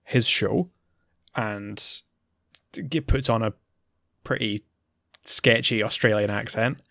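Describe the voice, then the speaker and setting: A man's voice: fairly low pitch, steady tone, takes it slowly, gravelly, fairly bright tone, no room sound, studio quality. A man co-hosting a podcast, chatting casually and recapping plots with plenty of fillers. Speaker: podcast co-host. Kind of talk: casual chat.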